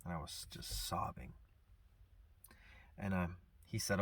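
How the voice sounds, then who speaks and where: A man speaking earnestly and reflectively about grief and forgiveness, soft-spoken with pauses. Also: sits low, breathy edge. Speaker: vlogger sharing personal grief. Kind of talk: reflective personal talk.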